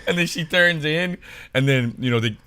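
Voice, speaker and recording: A man's voice: on the high side, moderate pace, bright, forceful tone, clean tone, no echo. A man from Hawaii co-hosting a podcast, telling a funny story in casual chat and laughing along as he goes. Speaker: podcast co-host.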